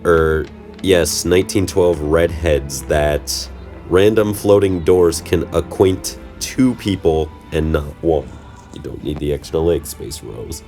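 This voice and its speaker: A man's voice: deep voice, dark tone. A young man giving rambling, jokey voice-over commentary on his holiday footage, often stumbling and correcting himself. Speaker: channel host. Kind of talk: casual vlog commentary over trip footage.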